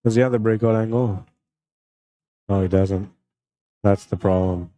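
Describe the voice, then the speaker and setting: This is a man doing live play-by-play for a pool tournament stream. His voice sits fairly low, with a warm, mellow tone. He talks in a friendly, unhurried way and greets viewers from the chat as the match goes on. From Canada. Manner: relaxed, friendly, reads out chat comments between shots.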